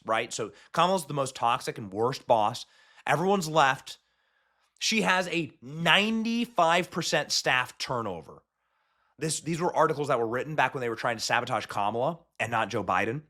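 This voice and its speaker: A man's voice: mid-range voice, pushed and bright. A man hosting a commentary show, ranting in a mocking, emphatic way. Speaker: host. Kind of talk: political commentary.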